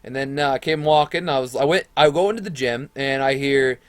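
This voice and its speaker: A man's voice: medium pitch, fairly quick, no echo. Rambling, profane young man telling a story. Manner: rambling, profane, animated retelling with quoted voices. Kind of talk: casual storytime vlog.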